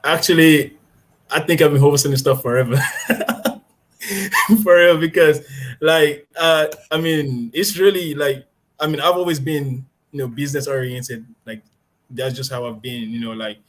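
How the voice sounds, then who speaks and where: A young man from Nigeria in his twenties is a guest in an interview. He talks in a casual, halting way with lots of fillers and breaks into laughter easily. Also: a little high, fairly even intonation, a bit bright. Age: 20s. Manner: hesitant, many fillers, laughs easily, deliberately adjusted way of speaking.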